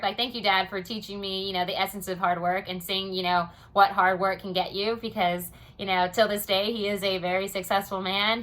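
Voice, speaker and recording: A woman's voice: mid-range voice, bright, forceful tone. A young American woman talking casually in a personal diary vlog, rambling with many "you know" and "um" fillers. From United States. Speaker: vlogger.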